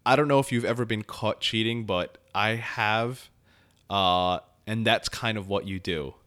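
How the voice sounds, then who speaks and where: A man's voice: fairly low pitch, measured pace. A man co-hosting a podcast, talking casually and rambling with frequent swearing as he breaks down a TV episode. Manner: rambling, animated, swears freely. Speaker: podcast co-host. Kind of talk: casual chat.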